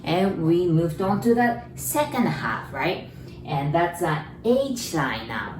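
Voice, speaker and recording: A woman's voice: on the low side, sing-song, slow, darkish tone, slight background noise. A woman teaching a beginner writing lesson, patiently sounding out syllables and checking in with her learners. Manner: patient, repeats syllables, checks in with "okay?" and "right?". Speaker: Japanese teacher. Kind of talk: slow explanatory lesson. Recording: roomy, distant mic, faint ambience.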